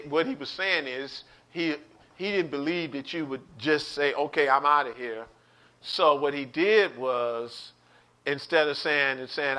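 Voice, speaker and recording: High-voiced, animated male preacher. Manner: animated, repeats words, calls out to listeners. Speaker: pastor teaching a Bible study. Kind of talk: preaching in an online Bible study.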